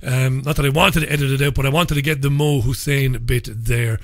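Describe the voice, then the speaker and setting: A man's voice: medium pitch, steady tone, a little fast, no room sound. A man from England, hosting a talk radio show from a studio and speaking in an opinionated, conversational way. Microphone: studio microphone.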